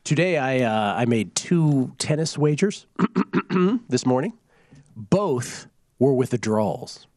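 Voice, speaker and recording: A man hosting a sports betting show, telling jokes and stories in a casual, animated way. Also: mid-range voice, takes it slowly, dry recording, studio quality. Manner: joking, animated storytelling.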